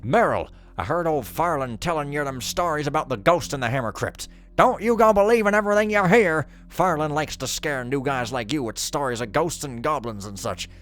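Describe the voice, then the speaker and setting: A man's voice: on the high side, expressive, a little fast, few pauses, a bit bright, faint music behind. A man reading as a folksy working-class sewer hand. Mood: reassuring. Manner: folksy, ungrammatical, reassuring. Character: working-class male sewer worker writing a note.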